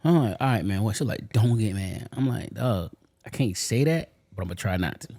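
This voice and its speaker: A man's voice: lowish voice, lively intonation, a little fast, warm tone. A man co-hosting a podcast, telling a story in a laid-back, slangy way and laughing along. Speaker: podcast co-host. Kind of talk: casual chat and storytelling.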